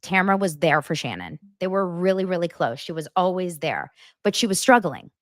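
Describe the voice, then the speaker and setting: A woman's voice: lowish voice, sing-song, fairly quick, no room sound, clean studio sound. A woman hosting a casual gossip show, chatting and reading out text messages, often stopping to correct herself. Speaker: podcast host.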